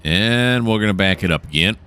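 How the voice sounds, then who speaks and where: A man's voice: lowish voice, animated, brisk, pushed and bright, smooth. A man narrating a train simulator game as he plays, thinking aloud and correcting himself. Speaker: gameplay commentator. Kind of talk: relaxed let's-play narration.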